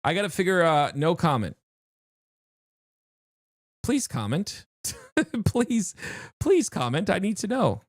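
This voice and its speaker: Excitable game streamer, lively pitch, dry close mic, rambling chat to viewers. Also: slow pace, long pauses, no echo. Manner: excitable and chatty, restarts sentences, talks to chat.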